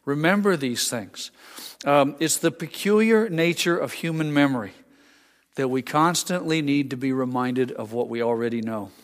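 A man's voice: medium pitch, normal speed, long reverb tail. An older man preaching a sermon as a pastor, conversational, with frequent restarts and asides.

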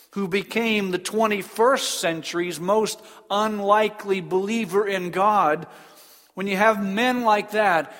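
A man preaching a sermon in an earnest, emphatic way, slowing down on key phrases. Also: high-pitched, fairly bright tone. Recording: long reverb of a large hall.

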